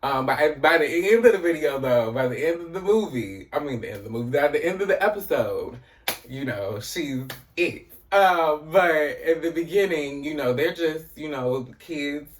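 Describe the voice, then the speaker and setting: A man's voice: a little high, lively intonation, moderate pace, distant mic. A man casually recapping a TV episode as host, chatty and profane, filling his talk with "you know" and "um".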